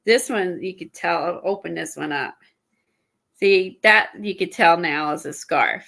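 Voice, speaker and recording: A woman chatting casually on an art livestream, a little out of breath and stuffy, rambling with halting fillers and restarts. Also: lowish voice, gravelly, a bit bright. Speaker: guest showing art supplies.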